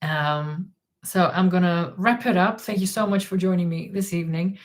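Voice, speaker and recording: A woman's voice: fairly low pitch, normal speed. A woman hosting a casual livestream, rambling with plenty of ums and restarts as she reads out chat comments. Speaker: livestream host.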